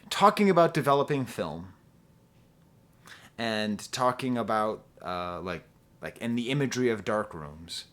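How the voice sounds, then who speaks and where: A man's voice: mid-range voice, a bit bright. A middle-aged man from the US East Coast giving a casual album review, rambling through jokes and humming the melodies. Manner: rambling, joking asides, hums melodies. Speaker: music reviewer.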